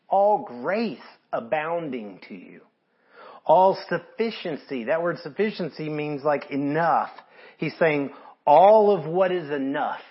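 Preacher, male, slightly high husky voice, casual emphatic sermon delivery, lo-fi church audio. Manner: conversational preaching, swings from quiet to emphatic, acts out givers. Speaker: pastor.

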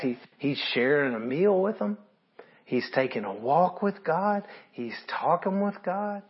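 Husky-voiced man preaching earnestly. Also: a little high, muffled recording. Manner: earnest, conversational preaching with scripture read aloud. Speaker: pastor. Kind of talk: sermon.

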